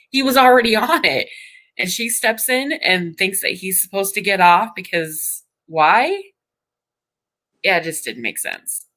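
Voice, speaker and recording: A woman's voice: mid-range voice, expressive, measured pace, a bit bright, poor audio. A woman hosting a live stream in casual chat, rambling and restarting her sentences as she thinks aloud. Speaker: stream host.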